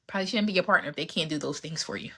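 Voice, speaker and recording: A woman's voice: low-pitched, very fast, bright, forceful tone, husky. A woman in her thirties hosting a podcast, giving candid, emphatic relationship advice and acting out her exchanges with past dates. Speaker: podcast host answering relationship questions. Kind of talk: casual advice talk.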